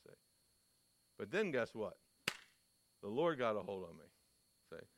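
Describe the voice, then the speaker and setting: A man's voice: on the low side, very animated, measured pace, background noise. A man preaching a sermon, telling stories and asking his listeners questions with emphasis. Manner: emphatic, storytelling, asks the audience questions.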